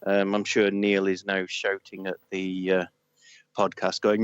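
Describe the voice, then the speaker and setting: A man's voice: deep voice, completely flat delivery, clean tone, lo-fi sound. A man with a northern English accent from Manchester, a game reviewer chatting hesitantly and with self-deprecating jokes as a podcast guest. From Greater Manchester, England. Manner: hesitant, self-deprecating, joking, many pauses and fillers. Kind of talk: casual podcast chat.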